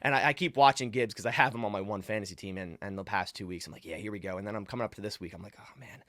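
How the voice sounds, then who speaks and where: A man talking football casually as a guest fan on a podcast, animated and full of restarts. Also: on the low side, rapid-fire, dry recording, clean studio sound. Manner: animated, lots of restarts and fillers. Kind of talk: casual sports podcast chat.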